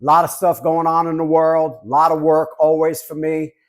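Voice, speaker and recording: Chatty higher-voiced man in his fifties. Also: completely flat delivery, moderate pace. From Southern California. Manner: chatty, joking, repeats "guys". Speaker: collectibles reviewer. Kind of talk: casual chat to camera.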